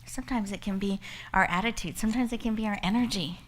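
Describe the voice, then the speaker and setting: A woman's voice: mid-range voice, quick pace, a little hiss or hum. A woman giving a motivational talk, telling a story and speaking straight to her listeners. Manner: warm storytelling with laughter, addresses listeners directly. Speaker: speaker and host.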